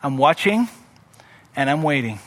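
A man's voice: a little high, measured pace. A man preaching a sermon, reading scripture and voicing the prophet's complaints with strong emphasis. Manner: expressive, acts out scripture voices with rising emphasis. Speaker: pastor.

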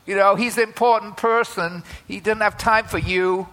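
Annoyed bystanders snap at a beggar to hush, as a man preacher puts them on. The voice is bright and fairly high, with a curt, scolding push. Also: steady tone, normal speed.

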